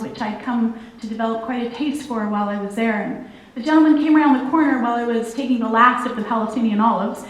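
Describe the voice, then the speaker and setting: Woman speaking in an echoey church. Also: a little high. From Canada. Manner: hesitant, many fillers. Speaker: guest speaker. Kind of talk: church talk. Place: church hall.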